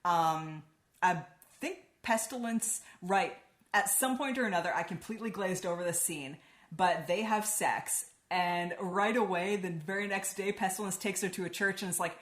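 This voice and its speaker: A woman's voice: lowish voice, normal speed, echoey room. A woman giving a casual spoken book review, chatty and swearing freely, with lots of "like".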